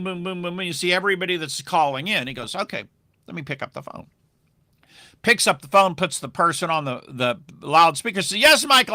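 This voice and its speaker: A man's voice: high-pitched, sharp tone, no echo, clean studio sound. A middle-aged man teaching marketing in a casual, rambling storytelling style, often repeating words as he recalls an old event. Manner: rambling, repeats words, plays the other voices in quotes.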